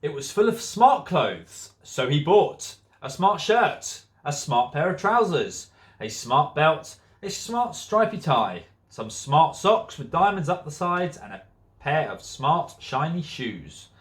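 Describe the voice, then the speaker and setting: A man's voice: on the high side, big pitch swings, slow. A man, a teacher, reading a storybook aloud to children, often breaking into giggles. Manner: giggly, keeps breaking into laughter.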